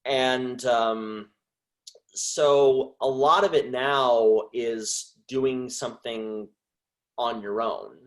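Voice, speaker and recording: A man who is a voice actor, talking as a guest in a casual interview, halting and restarting his sentences often. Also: medium pitch, fairly even intonation. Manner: halting, with frequent restarts and trailing phrases.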